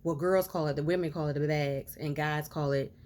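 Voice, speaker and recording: Speaking to camera, a woman social commentator delivers an earnest, preachy monologue with passion. Her low voice is steady, fairly quick, and a little mellow, and she stacks rhetorical questions while drawing out words for emphasis.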